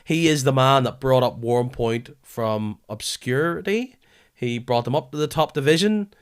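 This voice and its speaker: A man's voice: medium pitch, expressive, clean tone. Guy hosting a footy podcast, voice worn out from being ill, keen but trips over his words a bit. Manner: enthusiastic, with halting restarts. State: weary voice from a lingering illness. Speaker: podcast host. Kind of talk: casual football podcast chat.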